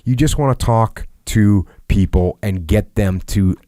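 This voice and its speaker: A man hosting a podcast, explaining at length in a measured way and acting out calm pleas to people. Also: on the low side, dry recording, studio quality. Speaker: podcast host. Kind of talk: casual podcast talk.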